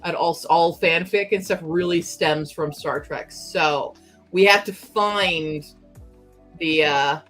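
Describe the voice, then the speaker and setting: A woman's voice: on the low side, slow, fairly bright tone, soft background music. A young woman hosting a casual livestream from home, chatting and giggling as she answers her chat aloud. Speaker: livestream host.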